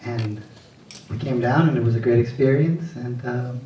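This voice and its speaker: Relaxed actor on a screening panel. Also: male voice, medium pitch, moderate pace. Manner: relaxed, acts out a quoted exchange. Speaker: cast member on a panel. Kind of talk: casual panel talk. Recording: dull, echoey hall, distant mic.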